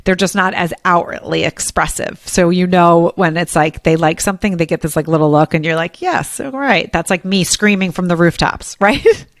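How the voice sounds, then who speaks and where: A woman podcast host chatting in a casual interview, energetic and openly expressive, with quick asides. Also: fairly low pitch, no room sound.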